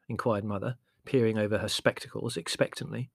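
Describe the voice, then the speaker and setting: A man reading a novel aloud as audiobook narration, wry and lively. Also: lowish voice, brisk, vocal fry, hardly any pauses, slightly rough, dry recording, studio quality. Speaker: audiobook reader. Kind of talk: scripted narration.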